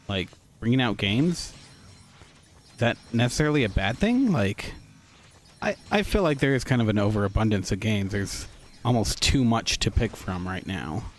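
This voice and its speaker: Low-voiced easygoing male co-host. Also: slight background noise. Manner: easygoing, frequent agreeing "mm-hmm"s. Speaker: podcast co-host. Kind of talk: casual chat.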